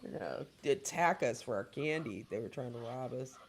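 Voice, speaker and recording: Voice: mid-range voice, moderate pace, vocal fry. A talk show host in their forties telling childhood stories in casual chat, laughing often as they go. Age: 40s. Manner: animated storyteller, laughing often.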